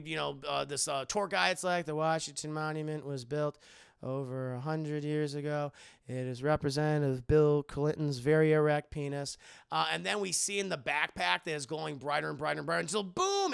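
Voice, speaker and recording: Animated man with a gravelly, bright voice. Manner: animated, swearing, jumps into squeaky voices. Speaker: streamer reviewing a film. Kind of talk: casual recap with put-on character voices.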